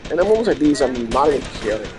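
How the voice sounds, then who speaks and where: A man's voice: medium pitch, sing-song, very fast, over music. A man giving casual gameplay commentary as a let's play gamer, ranting and swearing in exasperation. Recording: game gunfire and noise behind voice.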